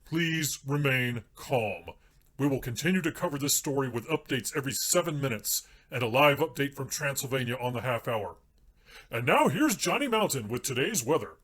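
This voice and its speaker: A man's voice: medium pitch, lively intonation, moderate pace, a bit bright. A man playing a pompous TV news anchor. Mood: formal. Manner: stiff, formal newsreader delivery.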